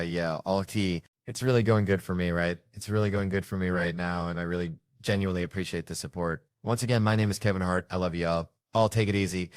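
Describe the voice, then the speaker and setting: A man doing stand-up comedy on stage, telling an animated story and acting out voices into a handheld microphone. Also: low voice, no room sound, clean studio sound.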